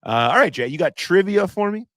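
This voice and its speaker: A man with a Midwestern American accent co-hosting a casual sports podcast, animated and joking as he shouts out listeners. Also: high voice, brisk, no room sound, studio quality. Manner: animated, joking, reads listener submissions aloud. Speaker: podcast co-host.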